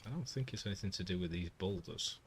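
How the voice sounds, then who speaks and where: This man streams a game with a deep, fast voice, chatting casually and muttering to himself as he plays, sometimes dropping into accent impressions. There's a slight hiss or hum in the recording.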